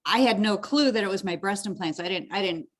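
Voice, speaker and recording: A woman's voice: mid-range voice, expressive, a little fast. A woman hosting a podcast, chatting casually and emotionally with her guest, often restarting her sentences. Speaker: podcast host. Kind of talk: casual interview chat.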